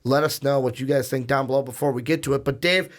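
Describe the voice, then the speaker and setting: A man with a hoarse, raspy voice from shouting, hosting a casual sports podcast and rambling through plugs and asides. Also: medium pitch, fairly even intonation, fast talker. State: hoarse, lost voice. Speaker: podcast host.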